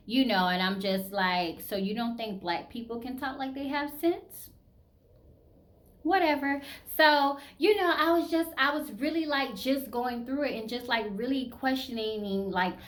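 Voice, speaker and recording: A woman's voice: on the high side, fairly bright tone. A woman in her thirties from the American South with a Southern accent, talking candidly and casually to her viewers, full of "you know" and "like.". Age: 30s. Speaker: vlogger. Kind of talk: casual personal chat to camera.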